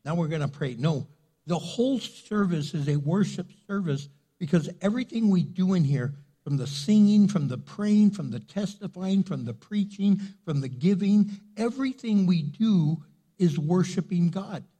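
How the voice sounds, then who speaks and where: A man's voice: high-pitched, expressive, a little slow, dark tone, husky. An older man preaching a sermon as pastor in a church sanctuary, talking conversationally with frequent fillers.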